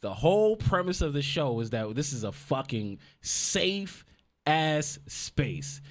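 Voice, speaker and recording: A man with a New York-New Jersey urban accent co-hosting a casual podcast, laughing often and making his points earnestly and with emphasis. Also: medium pitch. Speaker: podcast co-host. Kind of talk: casual banter.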